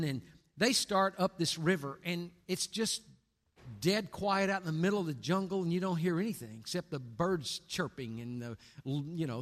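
Pastor, middle-aged man, high and bright, long church reverb, dramatic sermon delivery. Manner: dramatic swings between hushed and booming delivery. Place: church sanctuary.

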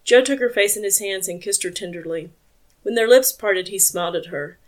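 A woman narrating a romantic family novel in a soft, measured reading. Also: mid-range voice. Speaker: audiobook narrator. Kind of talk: scripted narration.

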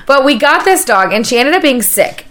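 A woman co-hosting a podcast, telling stories in casual chat, loud and laughing, swearing freely. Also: high voice, big pitch swings, normal speed. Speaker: podcast co-host.

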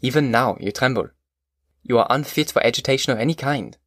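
A man voicing a kindly but stern middle-aged magistrate in an audiobook, formal and measured. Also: mid-range voice, fairly bright tone, no echo, studio quality, natural voice. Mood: explaining. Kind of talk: audiobook character voice.

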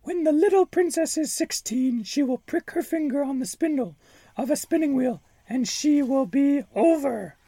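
A man reading a storybook aloud, voicing a scornful, vengeful wicked fairy in a high, drawn-out put-on voice. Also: animated, dark tone, dry recording. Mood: menacing.

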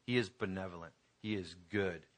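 A man's voice: low voice, normal speed. A man pastor preaching a conversational sermon to his congregation, building to emphatic peaks.

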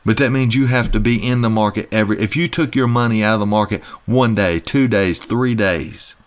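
A man with a somewhat low voice delivers a folksy, emphatic pitch about retirement money. He drives his points home with repetition, in the manner of a host promoting his own practice. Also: a little fast. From United States. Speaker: financial advisor host. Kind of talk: promotional radio-style talk.

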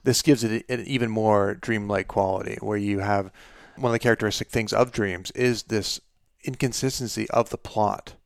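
A man's voice: lowish voice, steady tone, normal speed, vocal fry, clear, resonant tone, dry recording, clean studio sound. A man co-hosting a casual literary discussion, reflective, often repeating words as he restarts. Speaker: podcast co-host discussing a classic novel.

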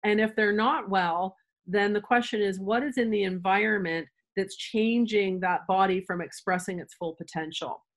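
A woman's voice: mid-range voice, normal speed. Woman chiropractor explaining thoughtfully. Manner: thoughtful, searching for words with restarts. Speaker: chiropractor guest. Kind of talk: conversational interview answers.

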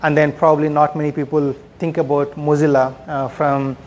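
A man gives a product management talk at a conference at a moderate pace, his fairly high, slightly mellow voice showing little pitch movement. He sounds conversational, using fillers and often finishing a point with "right?"

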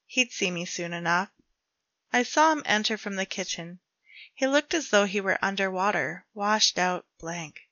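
Woman storyteller, bright voice, dull dry recording, measured delivery. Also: medium pitch, no echo. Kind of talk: reading her own dark fiction aloud.

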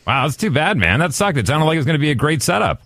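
A man hosting a podcast in casual chat, with relaxed, joking interjections. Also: a little high, very fast, dry recording, clean studio sound. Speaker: podcast host.

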